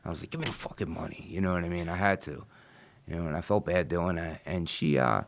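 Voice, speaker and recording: A man's voice: low-pitched, fairly quick. A middle-aged man telling a story in a casual interview, blunt and profane, rambling with many asides. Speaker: interview guest.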